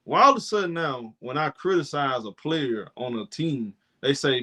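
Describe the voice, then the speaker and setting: A man's voice: fairly high pitch, huge pitch swings, moderate pace, few pauses, sharp tone. A young man co-hosting a live sports reaction stream, debating players in emphatic, slangy casual talk. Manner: emphatic, slangy, mocks critics with put-on voices.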